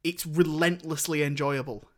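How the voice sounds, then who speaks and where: A man's voice: on the high side, fairly even intonation, normal speed, a bit bright. A young man hosting a podcast in casual, rambling chat. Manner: rambling, chatty, laughs while retelling scenes. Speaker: podcast host.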